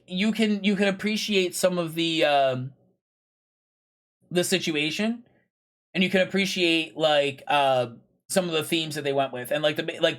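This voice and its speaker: A man's voice: fairly high pitch, a bit bright. A man streaming a video game, chatting casually with viewers in a rambling way, full of fillers and playful plugs. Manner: pushy, playful plugging. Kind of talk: casual live-stream chat.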